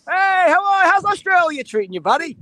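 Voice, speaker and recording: A performer voicing a shrill, brash male caller who yells to his partner at home. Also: sing-song, a little fast, no room sound, heavily acted. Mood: chummy.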